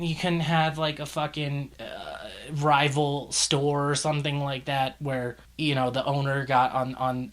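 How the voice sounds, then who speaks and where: A man's voice: on the high side, sharp tone. Exasperated man ranting about a movie. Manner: exasperated, ranting, swears often. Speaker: movie reviewer. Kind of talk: casual profane movie review.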